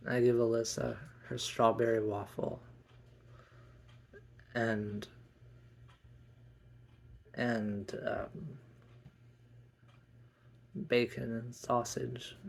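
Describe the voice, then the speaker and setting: A man telling a first-person role-play story in a slow, halting way with frequent restarts. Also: mid-range voice, flat delivery, gravelly.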